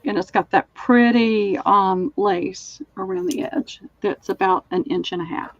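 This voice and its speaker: A woman's voice: medium pitch, big pitch swings, a little slow, gravelly, dull audio. A woman with a Southern accent hosting a live online sale, chatting as she describes linens in detail. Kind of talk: live-stream selling chat.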